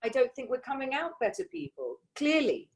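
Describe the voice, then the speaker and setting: A woman's voice: high voice, lively intonation, a little fast. A woman co-hosting a podcast, speaking in an outspoken, emphatic way, with sarcasm at times, in casual conversation. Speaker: podcast co-host.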